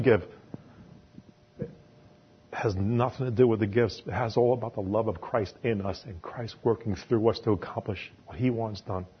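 A New York lay preacher with a matching accent gives an informal sermon packed with homely examples and asides. He is chatty and conversational, laughing and poking fun at himself. His mid-range voice is slightly rough, and the recording sounds muffled.

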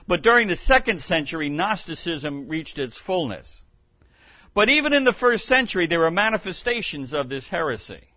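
Measured male pastor preaching. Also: on the high side, no echo, dull audio. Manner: measured, teaching delivery with occasional restarts. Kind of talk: sermon.

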